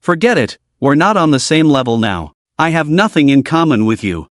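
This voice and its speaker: A man's voice: on the high side, big pitch swings, moderate pace, no room sound, clean studio sound. A man reading a smug, condescending college guy. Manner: condescending, dismissive. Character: smug young male college gambler, condescending.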